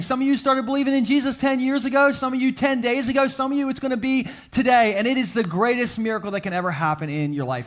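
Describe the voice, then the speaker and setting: A pastor with a voice that sits high delivers a funny, anecdote-packed sermon to a live congregation, with faint music behind him. He cracks jokes and does quick voices for his characters, then slows down to stress his key points deliberately.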